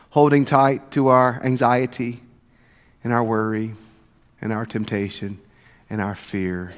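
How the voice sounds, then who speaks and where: A man preaching a sermon as pastor, swinging from loud emphatic passages to soft near-whispers. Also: medium pitch, in a large hall. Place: church sanctuary.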